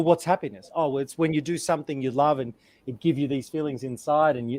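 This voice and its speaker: A man's voice: a little high, a little mellow, no room sound. A man on an online panel, telling a fable in an earnest way, often repeating his words, over a video call. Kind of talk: storytelling a fable.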